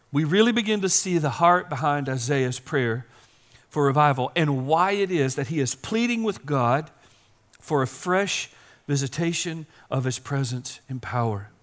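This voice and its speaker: A man preaching a sermon, passionately, his voice rising into pleas and dropping low. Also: fairly bright tone. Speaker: pastor.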